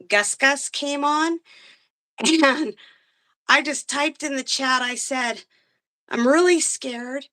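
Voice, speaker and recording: A woman telling her fishing story in a casual interview, lively and quick to laugh. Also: fairly high pitch. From grew up on military bases. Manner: animated, laughs often, acts out quotes. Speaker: guest angler.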